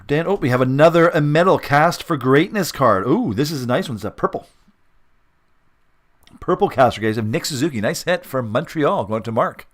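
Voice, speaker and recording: A middle-aged man from Western Canada, casually commenting as host of a live sports card break and reading out each card with quick upbeat reactions. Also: fairly high pitch, expressive. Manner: chatty, rambling, reads out cards with quick upbeat reactions.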